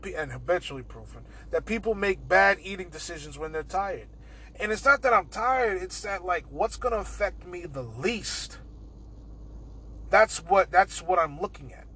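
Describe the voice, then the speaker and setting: A man's voice: high-pitched, sharp tone, husky, low-quality recording. A young man hosting a casual podcast monologue, rambling and swearing and saying "bro" a lot. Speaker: podcast host.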